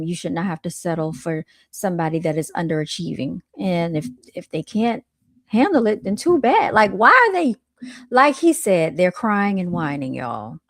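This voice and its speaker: A woman's voice: on the low side, no room sound, studio quality. A woman streaming a reaction to clips, chatting casually with her viewers and laughing often.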